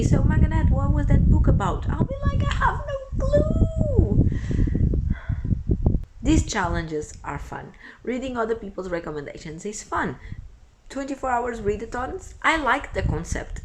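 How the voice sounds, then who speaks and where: A woman's voice: medium pitch, a little hiss or hum. Exasperated young woman venting on a vlog. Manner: exasperated venting, dramatic swings. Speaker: book vlogger. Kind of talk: casual reading vlog.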